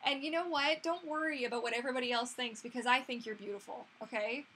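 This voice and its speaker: Woman in her thirties, bright tense voice, slightly high, rambling casual livestream chat. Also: fast talker, slight background noise. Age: 30s. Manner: chatty and rambling, full of fillers and restarts. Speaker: livestream host answering viewer questions.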